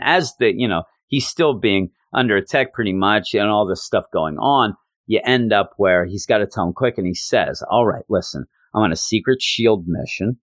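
A man hosting a podcast, casually reviewing a comic book and retelling its scenes with quick quoted lines. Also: sits low, no echo. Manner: animated retelling, quoting characters in quick bursts. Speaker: podcast host.

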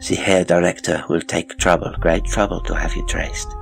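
A man voicing a cold, quietly threatening woman, the circus director's wife. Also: low-pitched, flat delivery, moderate pace, creaky, faint music behind. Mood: coldly musing.

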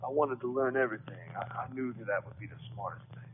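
A man's voice: mid-range voice, quick pace, a little hiss or hum, natural voice. A man imitating a young male professional football tight end, in a plain voice he admits is a guess, heard over a phone-like line. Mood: earnest.

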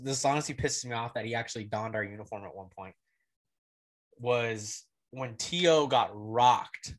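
A young man co-hosting a sports podcast in casual chat. He talks bluntly, swears freely and laughs as he tells his stories, with a voice of ordinary pitch for a man. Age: young adult. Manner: animated, laughs while telling stories. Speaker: podcast co-host.

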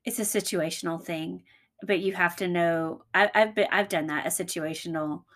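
A woman co-hosting a casual faith podcast, supportive and quick to agree. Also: fairly low pitch, fairly even intonation, fairly bright tone. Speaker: podcast co-host.

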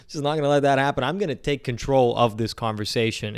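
Rambling storytelling man, smooth voice. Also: mid-range voice, fast talker, few pauses. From Pittsburgh area, Pennsylvania. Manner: rambling, anecdotal, many fillers like "you know what I mean". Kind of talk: casual storytelling.

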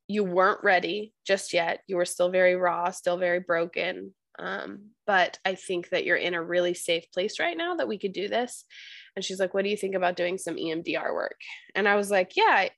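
A woman's voice: on the low side, creaky, fairly bright tone, no room sound. A young woman hosting a podcast, chatting casually and telling stories with frequent restarts. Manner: chatty, storytelling, many restarts. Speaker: podcast host.

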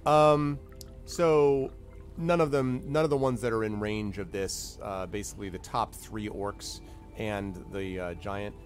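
A man's voice: on the low side, measured pace, soft background music. A man narrating as game master in a tabletop game, loose and chatty, with lots of ums and sound effects.

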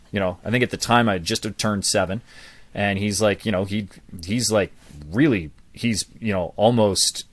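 A man around forty shares his own story as an interview guest, animated and prone to quick restarts. His voice sits a little low. The recording is dry and close. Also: no echo. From Canada. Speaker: guest, public speaking coach.

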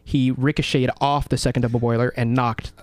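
A man co-hosting a casual radio talk show, telling an animated story full of swearing, shouting out the dramatic parts. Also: medium pitch, fairly quick, no echo. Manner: animated, swearing, acts out his own yelling in the story.

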